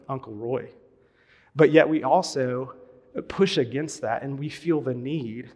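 A man delivers a relaxed, conversational sermon from the front of a church, his voice sitting in an ordinary middle register. He stumbles and restarts often and fills pauses with ums. The sound carries a long hall reverb. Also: medium pitch. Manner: conversational, many fillers and restarts. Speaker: pastor.

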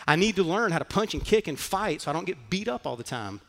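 A man's voice: high-pitched, sing-song, fast, a bit bright, long reverb tail, pitched above the performer's own voice, exaggerated voice. A man voicing an eager teenage boy, pleading and exasperated.

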